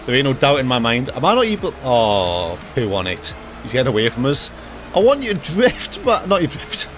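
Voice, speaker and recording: Excitable young man streaming a racing game. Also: medium pitch, fairly quick. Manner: excitable, joking, talks to himself. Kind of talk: live gaming commentary. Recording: loud game music behind voice. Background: racing game music and engine sounds.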